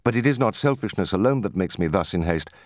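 A man's voice: sits low, animated, quick pace, no echo, studio quality, pitched above the performer's own voice. A man voicing an earnest, courteous young sailor full of happy eagerness.

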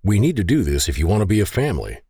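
A towering detective with a calm, firm manner, voiced by the narrator himself. The voice is deep and unhurried. Close and dry. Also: male voice, breathy edge, no room sound, far from the mic, full character voice. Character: towering, steady male detective.

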